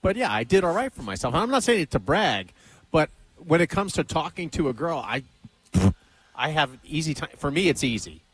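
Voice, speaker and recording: A man's voice: a little high, sing-song, normal speed, a bit bright, slightly rough, dry recording, rough recording. A middle-aged man hosting a radio show, chatting casually with a confident, coaxing pep-talk manner. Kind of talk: casual on-air banter.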